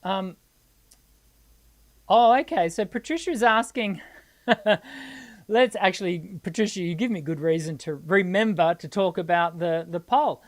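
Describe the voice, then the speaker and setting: Lower-voiced Australian woman singing teacher. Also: measured pace, pauses often. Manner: explanatory, lively, laughs easily. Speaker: singing teacher hosting a live Q&A. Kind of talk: live Q&A explanation.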